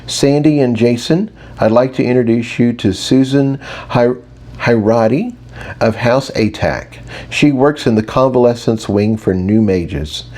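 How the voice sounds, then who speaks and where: A man's voice: medium pitch, unhurried, a little mellow, close to an everyday voice. A man voicing a courteous young woman. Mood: polite. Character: polite young woman making introductions.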